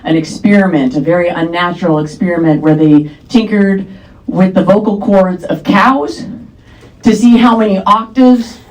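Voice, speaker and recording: A young woman with a deep voice performing a stand-up comedy set with a dry, deadpan delivery on a comedy club stage. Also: normal speed, poor audio.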